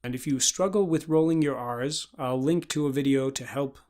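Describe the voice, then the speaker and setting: A man giving a pronunciation lesson, deliberately spelling out sounds one by one with example words. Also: mid-range voice, a little mellow. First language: English. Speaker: pronunciation instructor.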